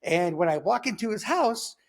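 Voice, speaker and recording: A man's voice: normal speed, creaky. A man casually telling his own story in slangy talk, acting out sounds like gunshots as he goes. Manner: animated, slangy, acts out sounds like "boom" and "pow". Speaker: guest telling his testimony.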